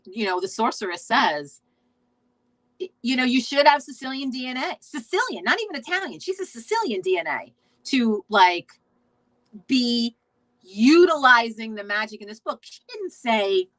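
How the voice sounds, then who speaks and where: A woman's voice: mid-range voice, a bit bright, no echo, poor audio. A woman hosting a casual live stream, chatting in a rambling way, reading out viewer comments, swearing freely and restarting her sentences. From United States. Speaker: host of a witchcraft talk stream.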